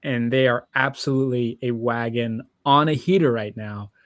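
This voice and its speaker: A man's voice: medium pitch, steady tone, normal speed, dry recording, studio quality. A young man co-hosting a sports podcast, talking casually and hesitantly with many fillers. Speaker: podcast co-host.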